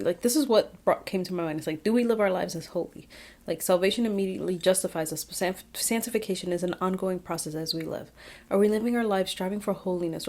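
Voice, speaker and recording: Outdoors in the wind, a woman who vlogs about Bible study gives a casual, reflective recap, chatty and full of fillers and restarts. Her voice is on the low side with a darkish tone.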